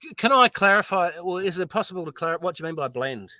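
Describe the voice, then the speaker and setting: A man's voice: high voice, lively intonation, fast, bright, forceful tone, no room sound. An Australian man, a distillery owner, telling frank and profane anecdotes in a casual podcast chat, a little tipsy from whiskey.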